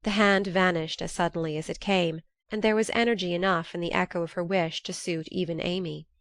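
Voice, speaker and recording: A woman narrates a classic novel in a measured, steady way. Her voice is on the low side for a woman. The recording is dry and close, with no room sound. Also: no room sound. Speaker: audiobook narrator. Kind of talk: scripted narration.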